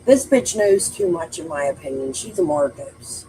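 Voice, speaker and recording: A woman's voice: low voice, expressive, moderate pace, mellow, slight background noise, low-quality recording. A woman hosting a true crime livestream, talking casually in a blunt, emphatic way and swearing often. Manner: blunt, heavily profane, emphatic. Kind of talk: casual chat.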